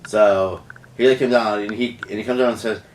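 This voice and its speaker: A man's voice: lowish voice, fairly even intonation, brisk, distant mic, a little hiss or hum. A man casually telling a storytime tale, rambling with lots of restarts and "you know"s. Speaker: vlogger.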